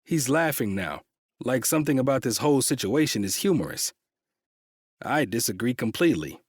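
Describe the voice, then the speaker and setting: A man's voice: mid-range voice, sing-song, moderate pace, dry recording, clean studio sound. A man reading a first-person romance audiobook with a tense, frustrated delivery and frequent swearing. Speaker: audiobook narrator.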